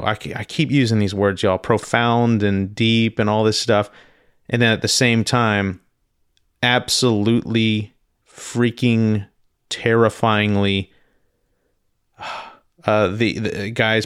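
A man hosting a personal storytelling podcast, talking in a halting, earnest way with many restarts and repeated words. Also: lowish voice, fairly bright tone, clear, resonant tone, dry recording, clean studio sound. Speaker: podcast host.

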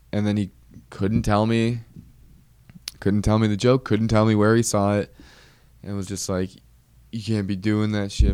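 Low-voiced man telling a rambling story. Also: vocal fry, a little mellow, no echo. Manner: rambling, self-interrupting, wry. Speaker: comedian podcast host. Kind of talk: casual storytelling monologue.

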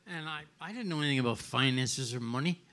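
A man's voice: medium pitch, fast talker. An older man, a guest at a live restaurant event, telling a story casually and acting out the dialogue, with frequent restarts. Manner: animated, acts out dialogue, many restarts.

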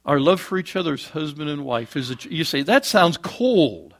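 Guy preaching a sermon, kinda high voice, gets loud then drops way down quiet, folksy jokes. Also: sing-song, moderate pace. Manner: swings from loud emphatic peaks to quiet low asides, homely jokes.

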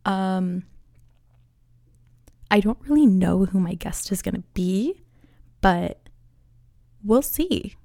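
A young woman talks through her own podcast episode in a loose, rambling way. She leans on fillers, restarts her sentences and laughs at herself often. Her voice sits at an ordinary middle pitch. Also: animated, takes it slowly, long pauses, mellow. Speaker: podcast host. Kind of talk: casual solo podcast chat.

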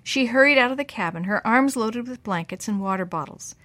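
A woman's voice: a little high, lively intonation, fairly quick, a bit bright, no room sound. Woman reading a children's story, dry sound.

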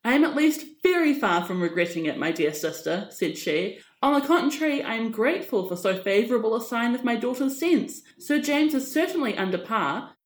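A woman voicing a smooth scheming aristocratic lady. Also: on the high side, lively intonation, brisk, few pauses, natural voice. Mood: persuasive. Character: scheming charming aristocratic mother, middle-aged woman. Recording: echoey room.

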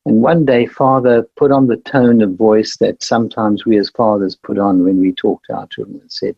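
A man giving an earnest devotional talk with a story and a slow closing prayer over webinar audio. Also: lowish voice, steady tone, creaky, breathy edge, dry recording, dull audio.

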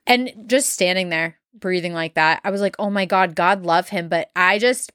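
A woman's voice: on the low side, fairly bright tone, clear, resonant tone, no echo, studio quality. Chatty young woman, swears a lot. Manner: filler-heavy, swears bluntly. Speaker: podcast host. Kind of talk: casual storytelling.

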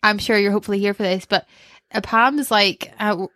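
A woman co-hosting a casual chat, lively and opinionated, who laughs often. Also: medium pitch, brisk, dry recording, studio quality.

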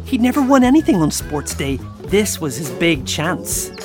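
A woman narrating a children's story in a playful, expressive way. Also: lowish voice, normal speed. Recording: narration over clear music.

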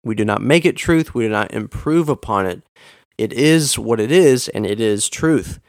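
A man's voice: mid-range voice, lively intonation, moderate pace, dry recording, studio quality. A man hosting a podcast episode, teaching earnestly and leaning hard on key words for emphasis. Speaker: podcast host teaching on Bible reading. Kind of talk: scripted teaching monologue.

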